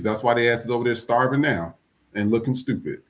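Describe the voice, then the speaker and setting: A man hosting a podcast, talking in a blunt, profane, animated rant about politics and culture. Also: mid-range voice, fairly quick, slight background noise. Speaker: podcast host. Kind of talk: casual political chat.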